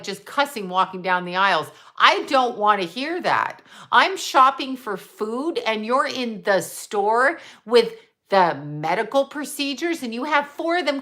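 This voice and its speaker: Bright-voiced woman chatting on a livestream. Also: medium pitch. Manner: animated, rambling, profane storytelling. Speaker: psychic medium livestream host. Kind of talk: casual live-stream chat.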